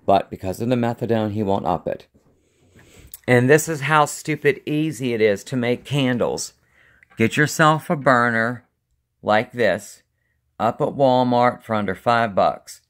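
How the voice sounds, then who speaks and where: A man rambling casually through a show-and-tell video, with a slight lisp and slightly slurred speech, often halting and restarting. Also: medium pitch, fairly bright tone. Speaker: vlogger.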